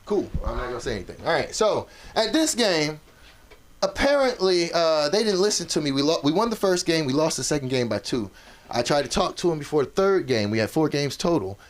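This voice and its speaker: A man doing open mic stand-up, telling a profane story and shouting when he acts out angry parents. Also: a little high, sing-song, a little fast. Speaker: stand-up comic. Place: comedy club stage. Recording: noisy club crowd. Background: audience reactions.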